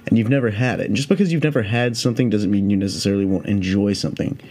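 A man's voice: mid-range voice, warm tone. A man hosting a casual solo podcast, rambling and swearing, with lots of "like" fillers. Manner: rambling, profane, heavy on "like" fillers. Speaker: podcast host.

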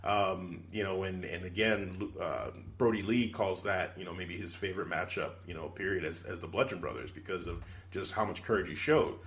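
Podcast co-host, male, lowish voice, casual and rambling, heavy on fillers. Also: normal speed, hardly any pauses, fairly bright tone. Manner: rambling, many "you know" fillers. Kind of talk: casual chat.

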